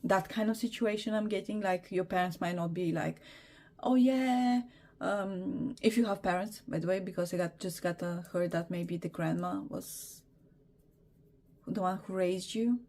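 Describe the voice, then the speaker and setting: A young woman reads tarot in a loose, halting way, circling back with fillers and frequent apologies. Her voice sits a touch low for a woman. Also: steady tone, darkish tone. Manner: hesitant, apologetic, many fillers. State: emotional, teary. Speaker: tarot reader. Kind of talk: casual tarot reading.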